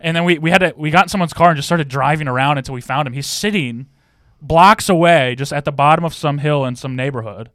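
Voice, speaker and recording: A man's voice: on the high side, fast, a bit bright, no echo, clean studio sound. A young man co-hosting a podcast, telling long stories in a laid-back casual way with some swearing. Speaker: podcast co-host. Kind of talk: casual chat.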